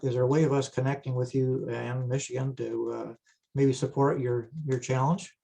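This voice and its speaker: Mellow-voiced man from Ontario. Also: mid-range voice, flat delivery, normal speed, vocal fry. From southern Ontario. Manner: polite, repeating himself. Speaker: caller. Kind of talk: question on a video call.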